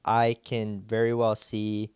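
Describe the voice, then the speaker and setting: A man's voice: on the low side, completely flat delivery, takes it slowly, a little mellow, smooth, no echo, clean studio sound. A man co-hosting a podcast, chatting casually in an easygoing, rambling way with lots of "like"s. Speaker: podcast co-host. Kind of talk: casual chat.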